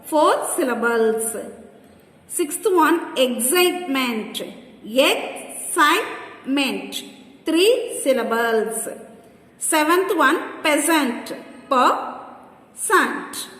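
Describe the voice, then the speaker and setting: A woman teacher reading out textbook exercises slowly and deliberately, spelling words letter by letter. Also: high voice, animated. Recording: echoey room with long reverb.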